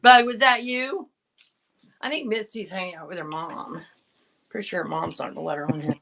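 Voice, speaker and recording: A woman's voice: fairly low pitch, normal speed, creaky, pauses often, a bit bright, low-quality recording. A woman hosting a live sale. She chats casually, laughs often and shows items one by one.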